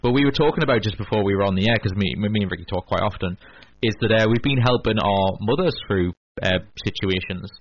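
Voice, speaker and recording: A man's voice: lowish voice, fast talker. A man co-hosting a radio show, chatting casually and rambling with lots of fillers and restarts. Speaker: podcast co-host. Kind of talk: casual chat. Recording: lo-fi radio broadcast with faint hiss.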